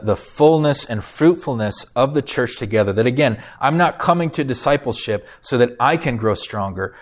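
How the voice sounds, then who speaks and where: A man preaching a sermon as pastor, emphatic, lifting his voice on key phrases and putting questions to the congregation. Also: mid-range voice. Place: church sanctuary.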